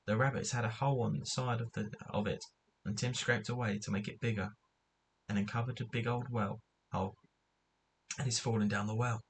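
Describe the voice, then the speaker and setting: A man's voice: fairly low pitch, steady tone, fairly quick, slight background noise, lightly acted. A man reading the lines of a sensible older boy from a storybook in a matter-of-fact, explaining way.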